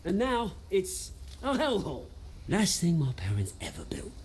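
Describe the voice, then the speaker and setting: A man's voice: high voice, huge pitch swings, normal speed, darkish tone, slight background noise. An actor with a British accent playing a brash, resentful young man who has lost his family fortune, in a video game. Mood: bitter. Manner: swaggering, resentful, theatrical.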